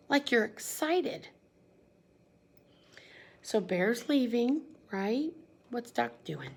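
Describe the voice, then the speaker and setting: Reading a picture book to young children, a woman teacher stops often to ask them questions in this storytime lesson. Her voice is a little high, creaky and husky, and she speaks very slowly with many pauses, in an animated, kid-friendly manner.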